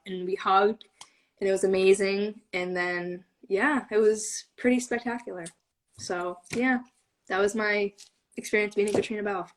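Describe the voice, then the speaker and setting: A woman's voice: mid-range voice, fairly even intonation, moderate pace, a bit bright, poor audio. A young woman telling a fan story in a casual chat, gushing and breathless with many fillers. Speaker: fan panelist.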